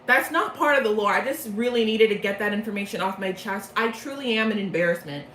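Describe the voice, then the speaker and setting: A woman's voice: mid-range voice, fast, fairly bright tone. A woman giving a rambling, self-mocking comedic recap of a game's plot, recorded in a roomy space. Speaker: video creator. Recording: roomy echo, faint noise.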